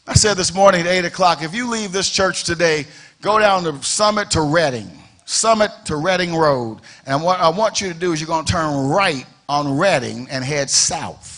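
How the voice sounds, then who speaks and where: A male pastor preaching in a church with a high, bright, ringing voice. He fires off rhetorical questions and repeats his phrases, building up to shouted emphasis. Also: animated, moderate pace. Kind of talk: preaching a sermon. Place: church sanctuary.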